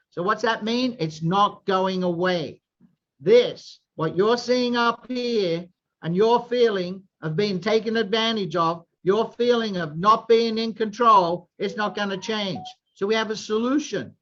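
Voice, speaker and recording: A man in his sixties hosting a group video call, giving an energetic sales pitch and often asking "right?". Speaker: host of a sales presentation call. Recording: dull lo-fi video call audio.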